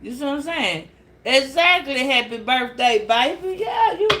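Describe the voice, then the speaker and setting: A woman giving a casual tarot reading, blunt and profane, animated and laughing often. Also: high-pitched, normal speed, noisy background. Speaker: tarot reader.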